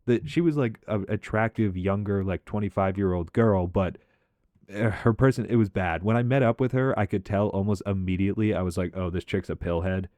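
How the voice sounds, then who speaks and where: A man's voice: lowish voice, a little fast, darkish tone, no room sound. A man casually telling a personal story over gameplay, rambling and candid, with lots of filler words and swearing. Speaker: storytime commentator.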